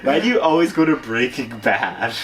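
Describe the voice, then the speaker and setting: A man's voice: medium pitch, sing-song, normal speed, far from the mic, noisy background. A man co-hosting a casual movie review, rambling with fillers and frequent laughter. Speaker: podcast co-host.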